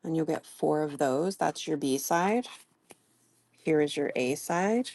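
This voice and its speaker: A woman's voice: deep voice, expressive, unhurried, a little mellow. A woman hosting a casual live-stream sale, chatting and greeting viewers by name as she shows items.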